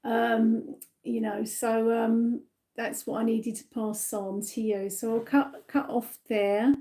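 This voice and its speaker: A woman from the UK giving a live-stream psychic reading, gentle and reassuring, with many fillers and tag questions, a little tired. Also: on the high side, little pitch movement, takes it slowly. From United Kingdom. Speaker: psychic medium.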